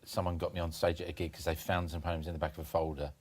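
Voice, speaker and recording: A man in his fifties telling stories on a podcast, animated, with many restarts and bursts of laughter. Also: low-pitched, fast. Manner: animated anecdote-telling, jumps into comic voices for quoted people. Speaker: podcast guest, former performance poet. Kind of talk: casual storytelling chat.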